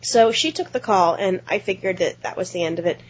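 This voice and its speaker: A husky woman on a podcast spins a lively story in a relaxed chat, dropping casual curses along the way. The audio is somewhat dull and lo-fi. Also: mid-range voice, fairly quick. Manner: animated anecdote-teller, swears casually. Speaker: podcast co-host.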